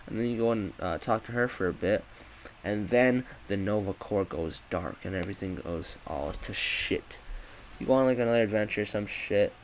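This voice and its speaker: A man with a lowish voice rambling through a casual game review, swearing freely and backtracking mid-sentence. Faint noise hums behind him. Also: moderate pace, poor audio. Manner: rambling, profane, self-correcting.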